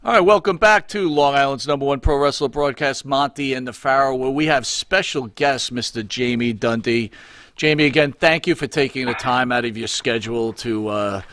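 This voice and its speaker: A man's voice: mid-range voice, normal speed, fairly bright tone. A man hosting a radio talk show, announcing breaks and welcoming a guest. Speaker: host.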